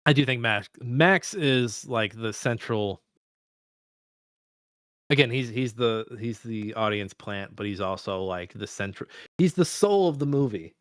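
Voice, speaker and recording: Casual movie podcast dude, cusses constantly, gets worked up, dry mic. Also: male voice, mid-range voice, unhurried, clear, resonant tone, dry recording. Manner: profane, excitable, rambling. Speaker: podcast co-host. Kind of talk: casual film discussion.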